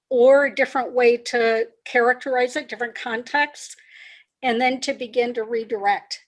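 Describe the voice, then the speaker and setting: A woman executive coach, a podcast guest, explaining ideas in a measured way and repeating key phrases. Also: fairly high pitch. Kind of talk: conversational interview.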